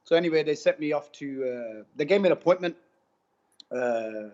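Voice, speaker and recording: A man giving a testimonial interview, telling his story in an animated, casual way full of slang and repetition. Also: fairly high pitch, fairly quick. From United Kingdom. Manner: animated, repeats himself, slangy with "bro" and "man". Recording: dull lo-fi sound.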